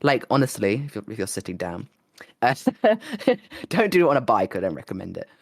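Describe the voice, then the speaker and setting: A slightly hoarse man co-hosting a podcast, telling rambling, excitable stories in casual chat. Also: on the low side, normal speed, no room sound, studio quality. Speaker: podcast co-host.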